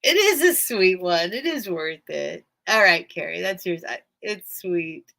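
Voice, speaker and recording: Woman host of a home sales live stream, unhurried, bright and forceful tone, rambly and chatty. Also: fairly low pitch, animated, creaky. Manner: chatty, rambling, thanks viewers often. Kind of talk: casual live-stream chat.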